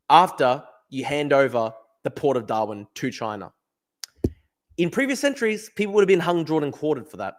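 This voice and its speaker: A man, ranting in livestream commentary, swearing and repeating his points. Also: fairly high pitch. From Australia. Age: 20s. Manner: ranting, profane, repeats himself. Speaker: streamer.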